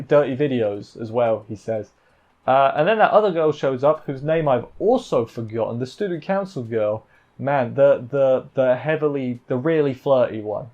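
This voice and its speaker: A man's voice: medium pitch, a little mellow, lo-fi sound. A man giving a casual, rambling recap of an anime episode, correcting himself and making playful asides. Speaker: anime reviewer.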